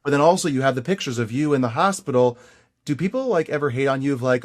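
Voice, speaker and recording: Playful podcast host, mid-pitched man. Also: quick pace. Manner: warmly encouraging, playful, repeats phrases. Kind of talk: casual interview chat.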